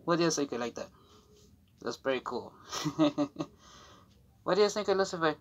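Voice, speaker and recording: A young man vlogging in halting, broken English as he shows off a new jacket, rambling with fillers, restarts and giggles. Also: fairly high pitch, expressive, a bit bright. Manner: non-native English with broken grammar. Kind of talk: casual unboxing chat to camera.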